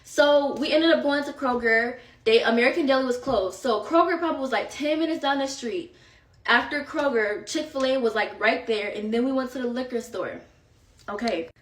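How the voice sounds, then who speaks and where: A young woman chats through a long storytime, circling back with asides to her viewers. Her voice sits a bit high and comes from some distance off the mic. The room around her is echoey. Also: moderate pace. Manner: chatty, filler-heavy, rambling asides to viewers. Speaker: storytime vlogger. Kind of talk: casual storytime chat.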